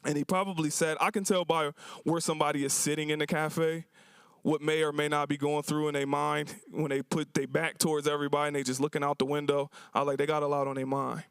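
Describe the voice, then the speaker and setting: A man's voice: fairly high pitch, level tone, fast, vocal fry, clean tone, dry recording. A man who runs a cafe, speaking at a symposium and telling stories about his customers in a casual, colloquial way, acting out their lines. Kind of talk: storytelling talk to an audience. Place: university symposium event.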